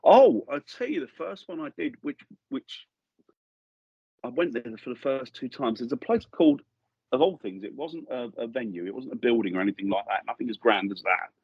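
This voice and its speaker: A man's voice: medium pitch, a little fast, breathy edge, dry recording, dull audio. A middle-aged man from England, a guest in a podcast studio, telling ghost-hunting stories in a rambling way that keeps restarting sentences. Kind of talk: casual storytelling interview.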